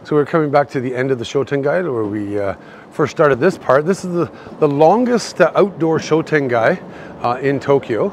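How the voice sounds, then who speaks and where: A slightly tipsy Canadian man with a Canadian accent hosts a live-streamed walking tour along an outdoor city shopping street, chatting and rambling to his chat viewers as he walks. His voice is a little high and expressive, at a moderate pace, with slight background noise.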